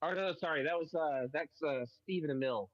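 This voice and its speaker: A man in casual podcast chat, trading trivia and quick to agree with the others. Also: on the high side, no room sound, muffled recording. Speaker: podcast co-host.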